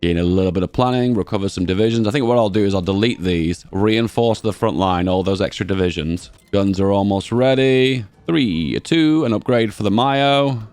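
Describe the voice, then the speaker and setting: A man giving casual, chatty commentary while playing a strategy game, thinking aloud and reacting excitedly to how it goes. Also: on the low side, moderate pace, hardly any pauses, clear, resonant tone, no echo. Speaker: gaming channel host.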